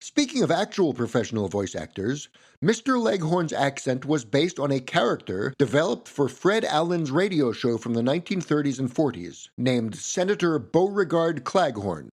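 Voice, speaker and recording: A man's voice: fairly high pitch, sing-song, normal speed, darkish tone. A man hosting a history podcast, reading a script in a playful way with wry asides.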